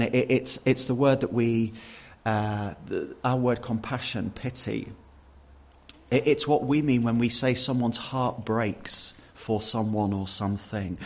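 A man's voice: medium pitch, lo-fi sound. A man preaching a sermon, reading Bible verses and explaining them earnestly, with some stumbles and repeated words. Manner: repeats words and restarts with fillers.

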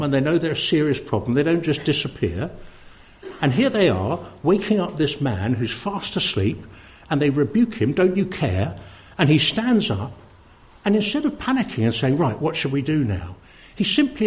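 In a dull lo-fi recording, a man preaches a sermon at a church service. His medium-pitched voice is a little mellow, and he's earnest, tripping over repeated words when the pressure rises.

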